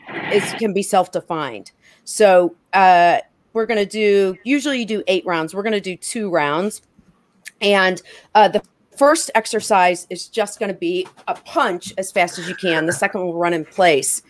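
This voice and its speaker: A woman's voice: mid-range voice, normal speed, no room sound. A woman hosting a casual talk show over a video call, upbeat and laughing often. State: out of breath. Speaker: host.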